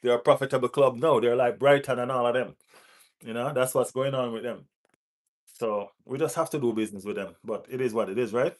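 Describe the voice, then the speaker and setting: A man with a West Indian accent hosting a live football watch-along, giving shout-outs to viewers in the chat, laughing and teasing rival fans. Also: mid-range voice, fairly quick. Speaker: football channel host.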